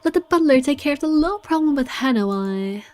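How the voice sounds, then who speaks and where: A woman's voice: high voice, expressive, darkish tone, a little hiss or hum, voice pushed up. A woman reading as a proud young man. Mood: haughty. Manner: measured, dramatic reading. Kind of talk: reading game narration aloud. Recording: faint game music behind.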